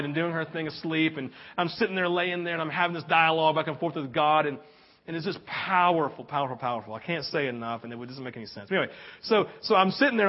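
A man preaching a sermon, telling a personal story with animated swings from hushed to excited. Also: fairly high pitch, lo-fi sound. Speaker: pastor.

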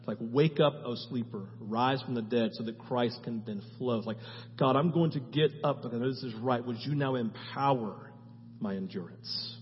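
A male pastor preaching a sermon and then praying, moving between loud, urgent exhortation and hushed, earnest prayer. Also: mid-range voice, moderate pace, slight background noise. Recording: muffled sound in a reverberant hall with faint music.

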